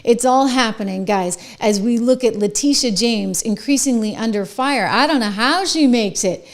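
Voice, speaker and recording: A woman's voice: a little high, normal speed. A middle-aged woman hosting a political commentary monologue, sarcastic and mocking.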